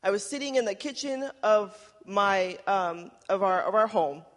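A woman's voice: mid-range voice, expressive, moderate pace. Woman from LA preaching, gets emotional, chatty, lotsa "right?", big hall reverb. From Los Angeles, USA. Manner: emotional, conversational, tags with "right?". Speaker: speaker. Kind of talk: sermon.

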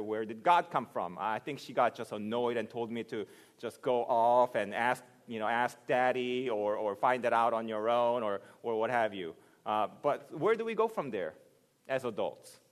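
A man preaching a sermon, reasoning aloud and building to loud, emphatic passages. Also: mid-range voice. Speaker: pastor. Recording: long hall reverb.

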